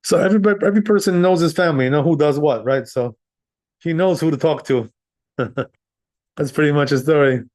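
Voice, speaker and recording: Slightly high and a little mellow, this man's voice runs a bit fast as he teaches Jewish law as a rabbi in a casual class. His style is conversational, with frequent chuckles and plenty of "you know" and "right?"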